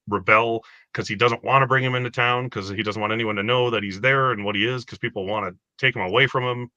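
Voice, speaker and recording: A lower-pitched man with a bright, forceful voice gives a rambling, filler-heavy movie review over a video call. The sound is dry and close. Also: dry recording. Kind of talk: casual movie review chat.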